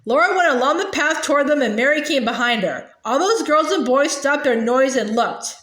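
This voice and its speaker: Lady reading a kids' chapter book, high voice, stumbles a bit, echoey room. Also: lively intonation, a bit bright. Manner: halting, with fillers and restarts. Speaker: reader. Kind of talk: reading a children's book aloud.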